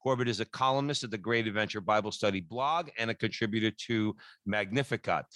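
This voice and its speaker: A man's voice: medium pitch, sharp tone, dry recording. A man co-hosting a radio talk show, introducing a guest in an upbeat, chatty way with frequent fillers. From New Jersey.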